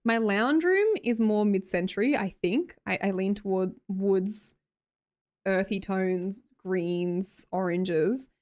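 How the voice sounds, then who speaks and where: A woman's voice: mid-range voice, slow pace, darkish tone. An Australian woman live streamer chatting casually with viewers, scattered and self-mocking, laughing often. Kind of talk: casual chat reading viewer messages.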